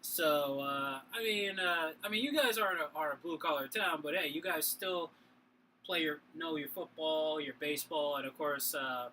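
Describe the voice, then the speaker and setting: A man's voice: on the high side, moderate pace, sharp tone, slight background noise, low-quality recording. A tipsy man with a Boston accent co-hosting a casual sports talk show, rambling with many fillers and restarts. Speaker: podcast co-host.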